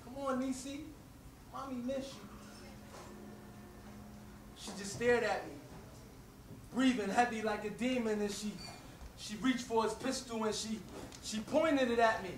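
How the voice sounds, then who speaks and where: A man performs spoken-word poetry with intense, rhythmic rhyming drive. His voice sits high. The sound is roomy and distant, with faint ambience behind it. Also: fairly bright tone, slight background noise.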